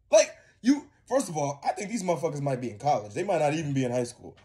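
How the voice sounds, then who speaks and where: Profane ranting young man, higher-pitched. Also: expressive, fast talker, few pauses, dark tone. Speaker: reaction video co-host. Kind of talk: casual reaction commentary.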